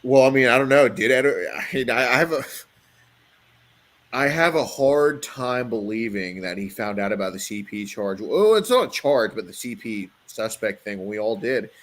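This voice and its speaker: A man's voice: mid-range voice, expressive, moderate pace, fairly bright tone. A young man on a casual online panel, talking with lots of restarts and swearing. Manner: hesitant, swearing, frequent restarts. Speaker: panel guest.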